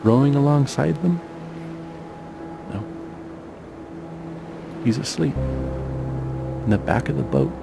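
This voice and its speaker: A man narrating as a father, reflective and searching, asking quiet questions. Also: medium pitch, lively intonation, slow pace, creaky, long pauses. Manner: questioning, searching, soft-spoken. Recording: music under the voice.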